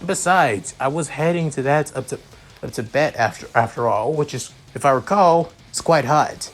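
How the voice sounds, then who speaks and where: A man's voice: mid-range voice, normal speed, faint music behind, pitched above the performer's own voice, close to an everyday voice. A man voicing a laid-back young man who teases in a dry, offhand way, reading a fan story aloud.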